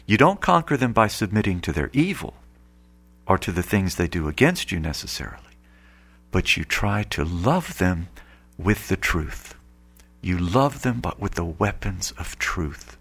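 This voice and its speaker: Male preacher, gravelly, lowish voice, earnest sermon, radio broadcast. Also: big pitch swings, unhurried, fairly bright tone. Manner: earnest, rising to emphatic outbursts.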